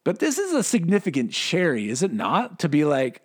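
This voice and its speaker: Brief: male Bible teacher, casual and rambling, slightly high voice, asks rhetorical questions. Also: sing-song, normal speed, hardly any pauses.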